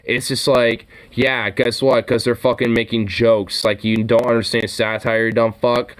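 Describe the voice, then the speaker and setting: A man's voice: medium pitch, little pitch movement, normal speed, smooth. A man with an ordinary mid-range voice tears into a clip in a profane reaction commentary. He is sarcastic and ranting, swears at nearly every turn, and mocks what he hears with sing-song interjections.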